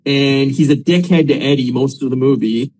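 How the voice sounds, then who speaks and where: A man's voice: medium pitch, normal speed, a little mellow. A man co-hosting a podcast, giving blunt, sarcastic, swearing takes in casual movie talk. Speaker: podcast co-host. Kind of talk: casual movie review rant.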